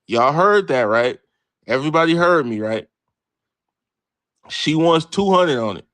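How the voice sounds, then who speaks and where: A man's voice: mid-range voice, normal speed, no room sound. A man hosting a late-night sports livestream, bantering with his chat in a brash, profane way and cursing freely. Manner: brash, animated, reads and answers chat, swears freely. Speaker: livestream host. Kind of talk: casual profane sports talk to live chat.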